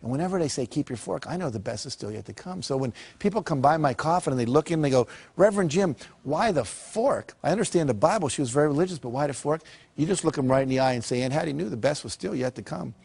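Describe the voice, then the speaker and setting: An older man giving a motivational talk and telling lively stories, acting out the people in them. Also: mid-range voice, rapid-fire, creaky, breathy edge. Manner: lively storyteller who acts out quoted characters. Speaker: motivational speaker.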